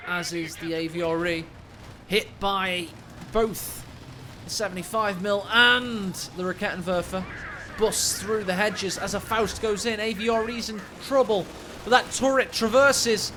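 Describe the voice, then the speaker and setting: Bright-voiced game caster. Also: male voice, high voice, slight background noise. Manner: cheeky, joking asides. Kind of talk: casual play-by-play game commentary. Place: at home late at night.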